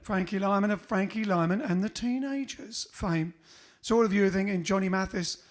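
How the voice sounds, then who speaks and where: A man's voice: high voice, moderate pace. A man hosting a band livestream, chatting casually between songs with rambling, joking asides.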